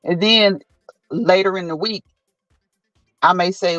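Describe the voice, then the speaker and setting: High-pitched guy chatting casually on a live stream, acts out quotes and laughs a lot, muffled dry sound. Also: takes it slowly, dry recording, soft background music. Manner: animated storytelling, acting out quotes; laughs often. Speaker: host.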